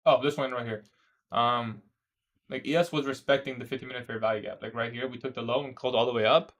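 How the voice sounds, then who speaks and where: A young man day trades on a livestream, reading out viewer questions and answering in a laid-back way, saying "bro" often and laughing at odd questions. His mid-range voice is steady and fairly bright at a quick pace.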